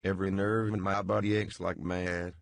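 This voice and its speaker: A man's voice: low voice, level tone, normal speed, gravelly, no room sound. A man reading an audiobook voices a cowed, timid victim who pleads and whimpers.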